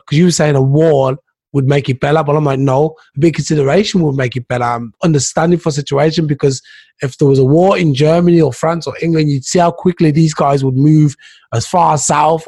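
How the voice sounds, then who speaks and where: A man's voice: a little high, steady tone, fairly quick, gravelly, a little mellow, slightly rough. A man co-hosting a casual talk show, insistently explaining his view and repeating himself to get a word in. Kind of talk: casual debate.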